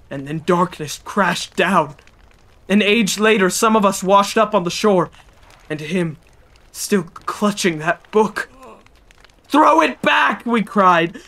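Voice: medium pitch, a bit bright, natural voice. Haunted old ex-mayor, anguished and rambling, read aloud by a streamer for a game. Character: distraught old man, a haunted former mayor. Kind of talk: reading game dialogue aloud.

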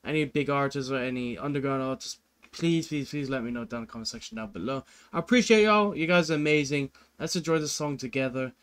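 A man's voice: mid-range voice, fast talker, fairly bright tone, clean tone. A man hosting a music reaction video, chatting casually and earnestly, rambling with lots of "like" and "you know".

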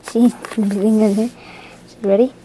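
A woman reading a children's picture book aloud, halting now and then to point at the pictures. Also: mid-range voice, steady tone, warm tone, a little hiss or hum.

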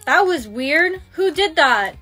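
A young woman with a high, sharp, bright voice plays out short comedy scenes. Her delivery is bubbly and a little over the top. Faint music sits underneath. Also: lively intonation, slow. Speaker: skit creator playing several parts. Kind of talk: acted comedy skit dialogue.

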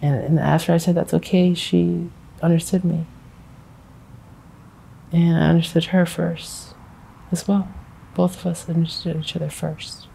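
Man, 20s, interviewee: halting, repetitive storytelling, gravelly tone. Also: a little high, level tone, mellow, slight background noise, low-quality recording. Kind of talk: street interview. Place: outdoors on a city street.

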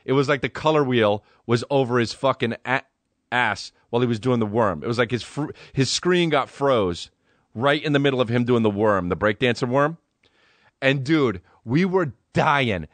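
A young man hosts his own podcast. He rambles through a comedic story, swearing freely, in an easy, laid-back voice at a middle pitch. The sound is dry and close, with no room echo. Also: lively intonation, normal speed, a bit bright. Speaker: podcast host.

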